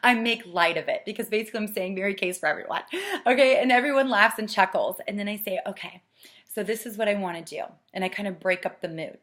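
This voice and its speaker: A middle-aged woman coaching saleswomen, earnest and persuasive, dropping to a soft hush to stress a point. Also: medium pitch, fast. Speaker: sales director training consultants. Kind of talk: coaching talk with acted sales pitch.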